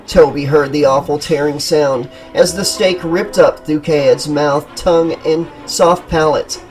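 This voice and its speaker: A man narrating a horror audiobook in a steady, dramatic storytelling manner. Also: on the high side, low-quality recording. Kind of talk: scripted narration.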